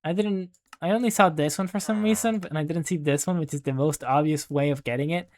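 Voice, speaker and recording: Fast and a little mellow, this medium-pitched young adult gamer rambles through commentary at a desk mic. They lean heavily on "like" and keep poking fun at themself.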